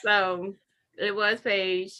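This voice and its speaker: A woman co-hosting a casual recap chat, retelling scenes in a chatty, expressive way. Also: medium pitch, drawn-out words. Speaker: podcast co-host.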